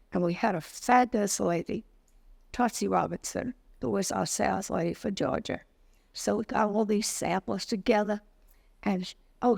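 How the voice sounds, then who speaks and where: An older woman in an interview, telling lively anecdotes about her past and acting out the people in them. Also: mid-range voice. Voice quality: creaky. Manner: lively anecdotal storytelling, acts out quoted dialogue. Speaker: interviewee, retired business owner. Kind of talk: storytelling interview.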